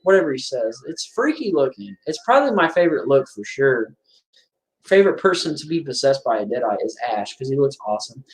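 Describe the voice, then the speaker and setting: A man's voice: medium pitch, big pitch swings, fairly quick. A man giving casual watch-along commentary on a horror film, chatting and reacting aloud to the scenes.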